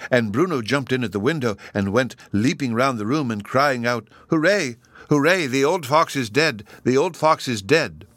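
A man narrating a children's story in an expressive, measured way. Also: medium pitch, dry recording. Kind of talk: audiobook narration.

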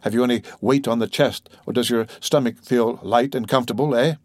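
A grave, urgent doctor read by a man fires off curt questions in an even mid-range voice. The recording is dry and close. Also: medium pitch, fairly quick, no echo, natural voice.

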